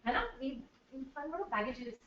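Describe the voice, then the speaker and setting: A woman's voice: high voice, expressive, racing, pushed and bright, a little hiss or hum. A middle-aged woman giving a chatty workshop talk to a live audience as a corporate trainer, slipping into Hindi and laughing often. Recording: distant, dull, echoey room.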